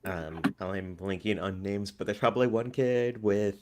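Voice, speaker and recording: A man takes part in a tabletop game as a player, making dry, wry remarks. His voice is very deep. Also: unhurried, noisy background. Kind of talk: tabletop role-play.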